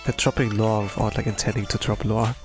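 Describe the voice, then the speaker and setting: A man's voice: fairly low pitch, fairly even intonation, brisk, over music. A man chatting casually as a streamer while reading along with a story. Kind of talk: casual commentary during a readalong.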